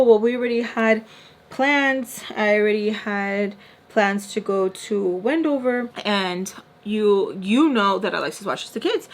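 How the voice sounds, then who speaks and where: A young woman telling a casual storytime, animated and full of "like" and "y'all", acting out the people in it. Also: mid-range voice. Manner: animated, acts out the voices of people in her story; peppered with "like" and "y'all".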